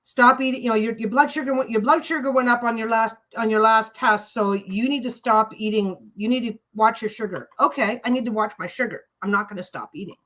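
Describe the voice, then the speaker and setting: A woman's voice: a little high, fairly quick, few pauses, fairly bright tone, rough recording. A woman hosting a casual livestream while she sews, talking bluntly and swearing freely as she rants. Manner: blunt, profane, ranting. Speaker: livestream host. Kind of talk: casual chat while sewing.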